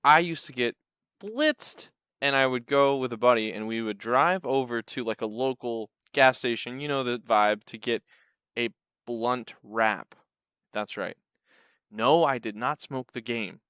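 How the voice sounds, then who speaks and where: A man's voice: mid-range voice, a little slow, a bit bright, clean tone, dry recording. A young man telling funny true stories, wry, rambling and playful. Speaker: comedic storyteller. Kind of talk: comedic storytelling.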